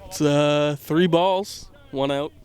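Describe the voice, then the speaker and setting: A man calling a baseball game outdoors on a handheld microphone, rambling and self-deprecating, often dropping to a hush. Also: fairly high pitch, fairly even intonation, slow, clean tone. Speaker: play-by-play commentator. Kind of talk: casual joking sports commentary. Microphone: handheld microphone with earbuds.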